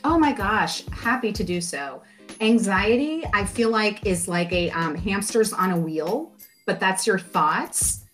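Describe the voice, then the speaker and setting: A middle-aged woman, a life coach, talking as a podcast guest in a lively, expressive way with playful asides. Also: medium pitch, measured pace, soft background music. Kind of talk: podcast interview.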